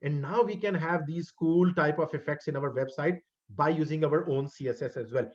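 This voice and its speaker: At normal speed and in a fairly high voice, a male web development instructor wraps up an online class, often restarting and repeating words in a friendly, encouraging manner. He's on a computer mic over a video call, and the audio is dull and lo-fi.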